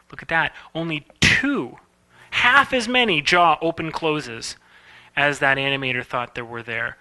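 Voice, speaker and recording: A man's voice: a little high, unhurried, bright, forceful tone. A man giving a casual, playful animation lecture, demonstrating words aloud as he teaches. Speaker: animation instructor. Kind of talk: recorded lecture.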